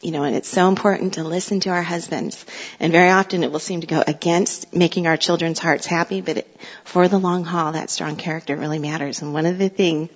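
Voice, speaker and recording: Middle-aged woman, low husky voice, chatty storyteller, dull lo-fi sound with long hall reverb. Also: fairly even intonation, brisk. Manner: chatty, laughs often, warm storytelling. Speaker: mother sharing a parenting story. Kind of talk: casual storytelling talk.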